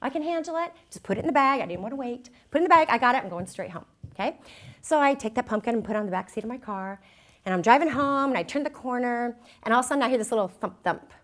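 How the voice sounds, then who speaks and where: A woman giving a sermon, telling a personal story in an animated, self-mocking way. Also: on the high side, fast talker. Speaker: speaker.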